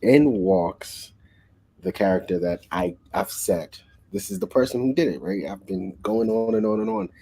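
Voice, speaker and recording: A man co-hosting a casual book discussion, recapping the plot in an excitable, rambling way with lots of restarts. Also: low-pitched, moderate pace, slightly rough, rough recording. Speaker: book club co-host.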